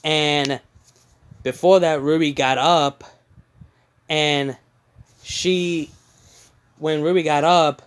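Guy slowly rambling through a fan story, lotta ums and restarts, kinda high voice. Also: fairly even intonation, clean tone. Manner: halting, many fillers and restarts. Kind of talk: casual spoken retelling of a fan story.

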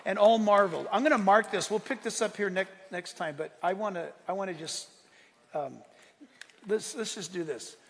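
A male pastor preaching a sermon, animated, swinging from loud exclaiming to quiet asides and laughing often. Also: high-pitched, normal speed. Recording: long hall reverb.

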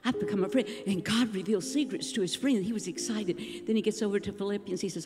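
A woman preacher delivering a sermon, with emphatic, rhythmic preaching that swings from hushed to shouting. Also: mid-range voice, fast, hardly any pauses. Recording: live hall recording with long reverb and music.

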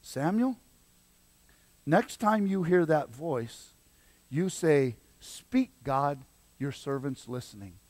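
Man doing a crusty old priest, low and weary, quiet delivery, dry sound. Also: expressive, slow pace, pauses often, dry recording. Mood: instructive.

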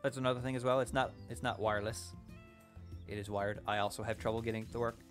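A young Canadian man streaming a farming game, chatting casually with viewers, excitable and apologetic, sometimes shouting. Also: medium pitch, fast, faint music behind. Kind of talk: casual live-stream chat. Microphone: desk mic.

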